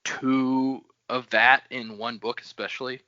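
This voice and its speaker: A man co-hosting a casual book discussion podcast, animated and quick to slip into character voices. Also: medium pitch, no echo. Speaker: podcast co-host. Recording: dull lo-fi sound.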